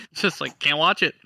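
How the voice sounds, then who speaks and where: A man with a very bright, fairly high voice trades jokes in a casual podcast chat. He swears freely, laughs often and slips into mocking impressions. The sound is dry and close. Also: gravelly, dry recording. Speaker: podcast co-host.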